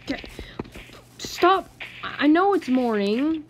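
A woman's voice: sits high, sing-song, slow, a little hiss or hum, poor audio. A woman hosting a channel, giving casual running commentary on her game and pleading with the creatures on screen. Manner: chatty, exasperated, talks to game mobs. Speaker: gaming channel host.

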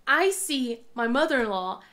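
A young woman talks casually to her camera from the couch at home. She rambles, restarts her sentences and laughs a lot, in a fairly high voice. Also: sing-song, moderate pace, a bit bright. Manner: acts out her young son's lines in a high voice. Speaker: crafting vlogger.

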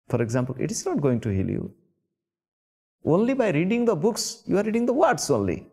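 An Indian-accented man delivers a spiritual sermon in a somewhat higher voice. He repeats key words for emphasis and questions his listeners directly. He sounds middle-aged and earnest. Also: sing-song, normal speed, darkish tone. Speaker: spiritual teacher.

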